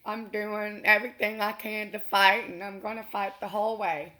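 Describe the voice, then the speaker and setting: A woman recounting a personal experience in an interview, earnest and unhurried, with pauses and restarts. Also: mid-range voice, little pitch movement, bright, forceful tone.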